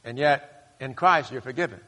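A male pastor preaching a sermon, leading the congregation in call-and-response and rising to loud, high bursts. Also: animated, normal speed. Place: church sanctuary. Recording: long hall reverb.

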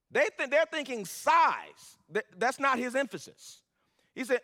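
High, bright-voiced preacher man in a hall. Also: expressive, normal speed. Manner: preaching, building to emphatic peaks with repeated phrases. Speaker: pastor. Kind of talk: sermon.

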